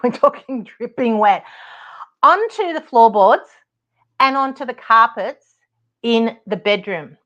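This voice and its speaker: A middle-aged Australian woman tells a story on her podcast, exasperated and animated, laughing often between lines. She hosts the show as a property advocate, giving a casual storytelling monologue in a slightly high voice, and the audio is somewhat dull and lo-fi.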